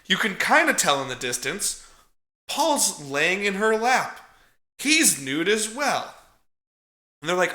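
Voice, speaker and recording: A man recapping a horror movie on a podcast, in a casual, animated, profane way, laughing often. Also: sits high, echoey room. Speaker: podcast co-host.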